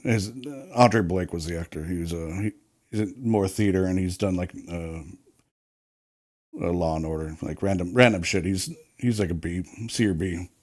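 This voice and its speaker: A man's voice: deep voice, moderate pace, darkish tone. Swearing, rambling man telling set stories. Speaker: former film crew worker. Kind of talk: casual podcast chat.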